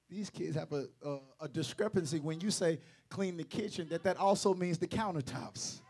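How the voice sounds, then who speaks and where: A preacher with a high, light voice, delivering a Sunday sermon. He drops into low, quiet asides, then climbs into loud, shouted runs of repeated phrases. He jokes with the congregation as he goes. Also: moderate pace, few pauses, breathy edge. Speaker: pastor.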